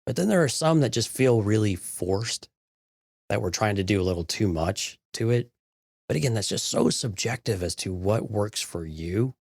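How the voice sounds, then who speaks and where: A man's voice: on the low side, animated, moderate pace, gravelly, a little mellow, no room sound, studio quality. A man co-hosting a podcast in casual chat, easygoing and reflective. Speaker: podcast co-host.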